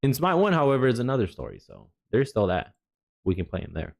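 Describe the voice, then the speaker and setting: A jet-lagged male streamer giving relaxed, rambling reaction commentary with chatty asides. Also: medium pitch, fast, vocal fry. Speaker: streamer reviewing a developer stream.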